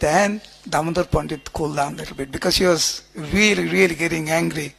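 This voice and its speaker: A man's voice: a little high, quick pace, vocal fry. A man giving a devotional storytelling sermon on a pilgrimage, dramatic and coaxing the crowd to answer back. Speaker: speaker on a pilgrimage tour.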